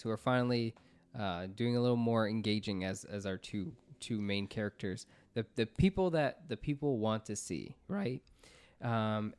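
A man's voice: medium pitch, clear, resonant tone. A man co-hosting a movie podcast, chatting casually with lots of fillers and restarts. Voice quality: filler-heavy, rambling delivery. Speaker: podcast co-host. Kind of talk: casual chat.

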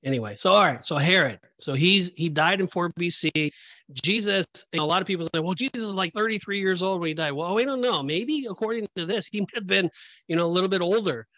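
A man co-hosting a Christian podcast, explaining Bible passages in an emphatic, animated, conversational way. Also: high-pitched, quick pace, dry recording. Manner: animated, emphatic, acts out reactions. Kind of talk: casual Bible teaching discussion.

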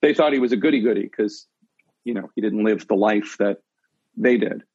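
Husky man, slightly muffled recording. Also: lowish voice, normal speed, a little mellow. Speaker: news anchor hosting the talk. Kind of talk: casual interview chat.

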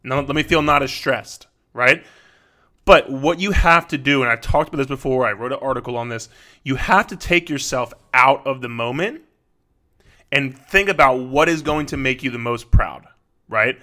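A man's voice: mid-range voice, moderate pace, bright, forceful tone. A man in his thirties hosting a podcast, talking through advice in a casual, conversational way, often repeating words and checking in with "right?". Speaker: podcast host.

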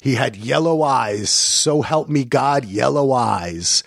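A middle-aged man co-hosting a casual chat about a movie, telling lively stories and jumping into high voices when he quotes people. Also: takes it slowly, gravelly, no room sound, clean studio sound. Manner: animated storytelling, jumps to high voices when quoting. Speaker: podcast co-host. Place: lives in Portland, grew up in New Jersey.

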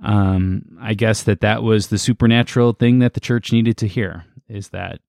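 A man co-hosting a casual podcast chat, relaxed and halting as he reads from his notes. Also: lowish voice, gravelly, no echo, clean studio sound. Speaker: podcast co-host.

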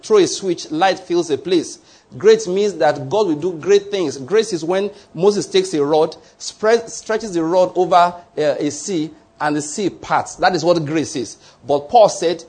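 A man's voice: fairly high pitch, darkish tone, slightly rough. A middle-aged man preaching a sermon with emphasis, repeating his points and checking that listeners follow.

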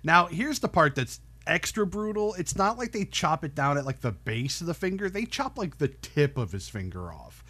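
A man's voice: a little high, very animated, normal speed, hardly any pauses, pushed and bright. A man co-hosting a casual podcast, rambling and swearing as he reacts to film scenes. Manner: rambling, profane, frequent fillers. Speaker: podcast co-host. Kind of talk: casual film review chat.

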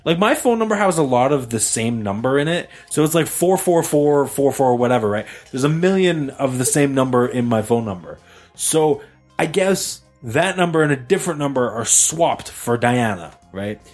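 A man hosting a podcast, telling a rambling story in an animated, joking way. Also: medium pitch, normal speed, faint music behind. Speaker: podcast host. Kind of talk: casual chat.

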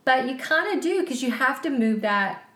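A woman's voice: sits high, animated, moderate pace, fairly bright tone, echoey room. A woman in her forties co-hosting a podcast, talking in an enthusiastic, chatty way. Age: 40s. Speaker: podcast co-host. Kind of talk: casual chat.

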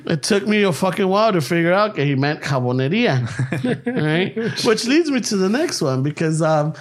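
A man, telling profane, animated stories in casual chat and slipping into Spanish. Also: high-pitched, moderate pace.

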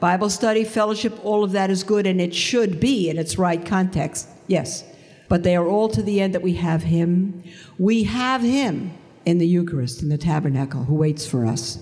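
A woman's voice: fairly low pitch, warm tone. Earnest woman speaking in a reverberant hall. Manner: earnest, slowing for emphasis. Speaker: speaker giving a conversion testimony. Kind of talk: testimony talk.

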